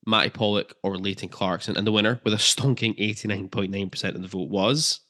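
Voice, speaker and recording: A man's voice: fairly low pitch, fairly even intonation, fairly quick, bright, forceful tone. A man co-hosting a football podcast, chatting casually and jokily with filler ums. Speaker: podcast co-host.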